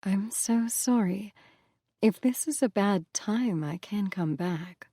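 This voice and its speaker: A woman voicing a gentle, shaken goddess who speaks softly and breathily. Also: medium pitch, slow pace, dry recording, studio quality. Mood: hushed. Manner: soft, breathy, hushed. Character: shaken gentle goddess, soft-spoken and uneasy.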